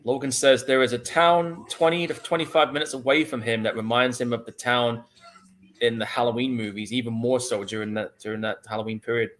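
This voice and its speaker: A man's voice: medium pitch, fairly even intonation, a little fast, fairly bright tone. A man hosting a casual movie commentary podcast, laid-back and easily laughing, reading out chat comments. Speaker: podcast host.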